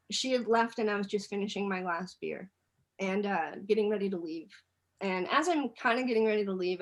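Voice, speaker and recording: A woman doing a stand-up set over a video call, telling a story in a relaxed, rambling way full of fillers. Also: mid-range voice. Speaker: stand-up comedian.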